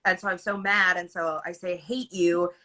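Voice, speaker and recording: Bright-voiced woman telling lively stories. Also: on the low side, fairly quick. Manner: animated storyteller, laughs easily, acts out quotes. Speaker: guest, former child actor. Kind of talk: casual interview chat.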